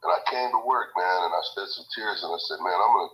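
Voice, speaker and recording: A man calling in to a live stream, earnest and halting, holding back tears as he tells his story. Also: deep voice, lo-fi sound. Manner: halting, earnest, repeats words and restarts. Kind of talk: emotional call-in testimony.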